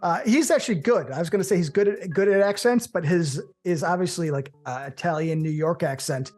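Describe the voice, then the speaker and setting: A man co-hosting a casual movie podcast, opinionated and animated, with profane banter. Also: sits high, fairly quick, soft background music. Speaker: co-host.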